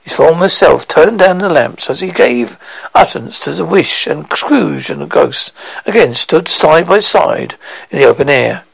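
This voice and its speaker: A man reading a classic novel aloud, halting over words and restarting them. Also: fairly high pitch, lively intonation, vocal fry, fairly bright tone, slightly rough, dry recording, rough recording. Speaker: reader.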